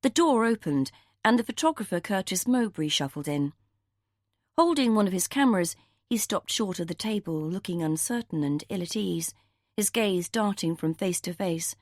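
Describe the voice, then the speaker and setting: A woman narrating a cozy mystery audiobook in a measured, even storytelling manner. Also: medium pitch, no room sound, studio quality.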